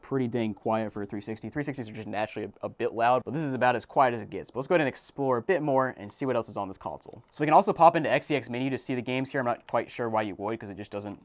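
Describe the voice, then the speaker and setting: Excited fast-talking young man unboxing. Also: medium pitch, dry recording. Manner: excited, exclaims often. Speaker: video host. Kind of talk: casual unboxing commentary.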